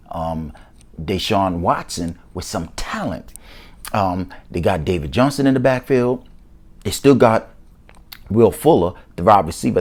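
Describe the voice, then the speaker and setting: Hyped guy running his own football talk show, low husky voice, slangy and bouncy. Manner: excited, animated, slangy. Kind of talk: casual sports commentary.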